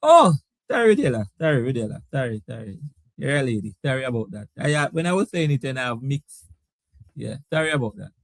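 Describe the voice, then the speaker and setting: A man's voice: medium pitch, quick pace, vocal fry, no echo. A man hosting a casual live sports talk stream. He laughs often and reads out viewer comments. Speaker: sports talk show host.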